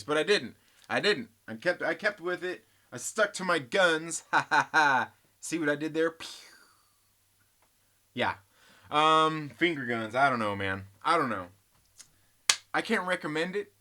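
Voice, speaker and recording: A man's voice: a little high, sharp tone. A man hosting a comic book channel, chatting casually and rambling, joking and teasing and addressing viewers as guys. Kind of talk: casual rambling vlog chat.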